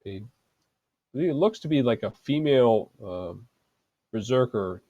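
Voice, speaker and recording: Male game master, halting delivery full of fillers, warm dark tone, dry. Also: medium pitch, expressive, no echo, dull audio. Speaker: dungeon master. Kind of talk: narrating a tabletop game.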